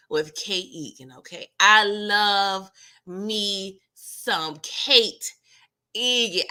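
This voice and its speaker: A woman hosting a casual TV episode recap, playful and animated, laughing often and acting out the characters' lines. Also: mid-range voice. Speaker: TV recap host.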